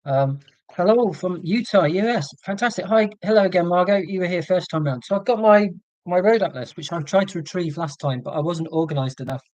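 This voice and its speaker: A man's voice: high voice, brisk, darkish tone, no room sound, poor audio. English guy, posh rp accent, chatting to his livestream viewers, lots of ums, dry close sound. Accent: English received pronunciation. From England. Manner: chatty, reads and answers live chat, many ums. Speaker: livestream host. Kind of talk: casual livestream chat with viewers. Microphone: computer mic.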